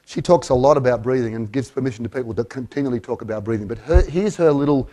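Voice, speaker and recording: A man giving a live keynote to an audience, guiding them through a breathing exercise with lively coaxing and counted breaths, a bit out of breath. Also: medium pitch, quick pace. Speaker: keynote speaker.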